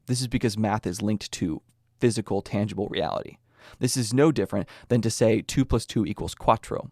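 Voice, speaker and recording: A man's voice: on the low side, brisk, dark tone, dry recording, studio quality. A young American man hosting a podcast, explaining ideas earnestly with small personal asides. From United States. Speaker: podcast host. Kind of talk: scripted explanatory talk.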